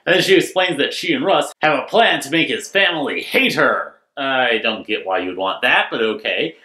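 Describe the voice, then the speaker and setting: A man giving a casual episode recap, with wry, sarcastic asides and quick impressions of the characters. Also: mid-range voice, expressive, bright, forceful tone, echoey room, poor audio. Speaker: vlogger reviewing a TV episode.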